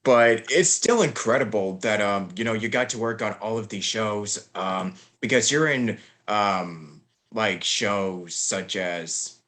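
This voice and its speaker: A man's voice: lowish voice, takes it slowly, a bit bright. Young male host, rambling with fillers. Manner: rambling, many fillers, laughs often. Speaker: podcast host. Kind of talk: casual interview chat.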